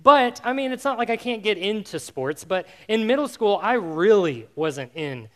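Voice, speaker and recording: A man with a notably high voice delivers a youth sermon. He tells his story in an animated, self-mocking way, full of casual fillers, then turns to earnest teaching. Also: moderate pace. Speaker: youth pastor.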